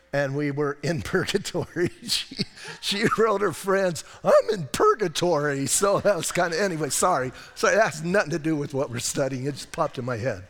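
Man, American, pastor, conversational sermon, high voice, long church reverb. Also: fairly bright tone. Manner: casual, chatty preaching with asides and rhetorical questions. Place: church sanctuary.

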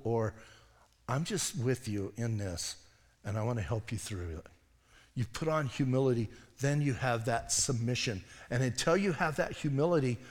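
A man preaching a sermon as pastor, animated and self-deprecating, dropping to quiet asides as he tells stories. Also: mid-range voice. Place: church sanctuary. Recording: long hall reverb.

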